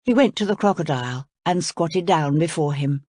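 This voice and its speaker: A woman reading a children's story aloud in an expressive, lively way. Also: low voice, moderate pace, dry recording, studio quality. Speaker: storybook reader.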